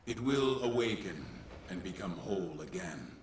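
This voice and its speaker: An actor playing a stern, cryptic male warrior mentor in a video game, speaking slowly and solemnly. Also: low-pitched, sing-song, far from the mic. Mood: ominous. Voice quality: gravelly, slow and solemn. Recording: echoey game audio with noise.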